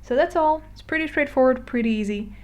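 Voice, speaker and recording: A woman's voice: high-pitched, brisk. A woman explaining a language lesson step by step, patient and plain, with casual fillers and recaps. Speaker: Spanish teacher.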